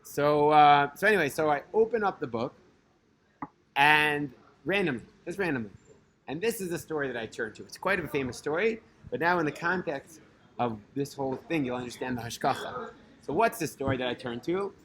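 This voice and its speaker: A man's voice: fairly high pitch, animated, brisk, a bit bright. A man telling a personal religious story in a loose, conversational way, full of fillers and restarts and sprinkled with Hebrew terms. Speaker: storyteller host. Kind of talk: casual spoken storytelling.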